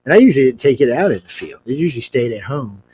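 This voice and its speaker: A man's voice: mid-range voice, sing-song, rapid-fire, mellow, husky. A blunt, rambling male storyteller. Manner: rambling, chuckles through his story; blunt, salty talk. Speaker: radio show guest. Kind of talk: casual anecdotal storytelling.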